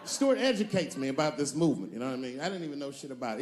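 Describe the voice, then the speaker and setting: A man's voice: medium pitch, sing-song, very fast, a little mellow, slight background noise. A male stand-up comedian telling stories in a profane, conversational way with punchy emphasis.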